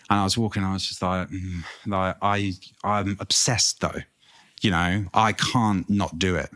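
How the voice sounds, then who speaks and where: A very low-voiced man chats as a guest, telling stories in a lively, loose way. He swears freely, and the talk stays casual. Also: fairly quick. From England. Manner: animated storytelling, swears freely. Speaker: tattoo artist guest. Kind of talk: casual interview chat.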